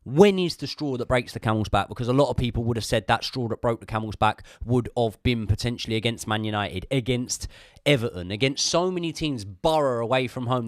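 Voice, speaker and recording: A medium-pitched man hosts a podcast from a podcast room, with studio-quality sound and no room sound. He chats casually about football, opinionated and swearing freely, drifting into rambling asides.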